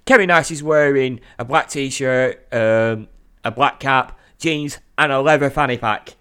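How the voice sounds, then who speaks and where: A man co-hosting a casual podcast, excitable, laughing often and swearing freely. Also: mid-range voice, a little slow, clear, resonant tone. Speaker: podcast co-host.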